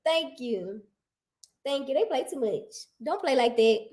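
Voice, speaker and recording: A woman in casual livestream chat, animated and teasing, repeating herself for emphasis. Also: high voice, a little slow.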